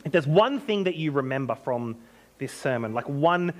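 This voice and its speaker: A man preaching a sermon as pastor, emphatic and animated, with joking asides. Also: on the high side, normal speed.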